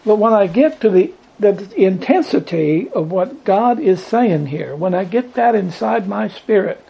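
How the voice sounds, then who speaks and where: Older-sounding preacher guy, husky and kinda muffled recording, reads verses then asks the room. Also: high-pitched. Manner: reads scripture aloud, rising and emphatic on repeated phrases; asks the group questions between readings. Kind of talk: Bible teaching to a group.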